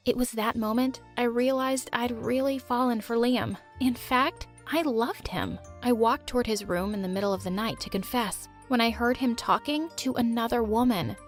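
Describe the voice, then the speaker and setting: A young woman narrating a first-person animated story in a lively, expressive way. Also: on the high side. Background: faint music.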